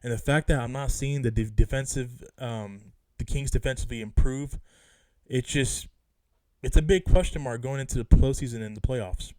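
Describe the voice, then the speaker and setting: A man rants casually as a sports fan vlogger, frustrated and emphatic, circling back to the same points again and again. His voice sits in a mid register with a warm, darkish tone. The sound is close and dry. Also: medium pitch, normal speed, no room sound. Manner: frustrated, emphatic, repeats himself. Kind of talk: casual rant about a basketball game.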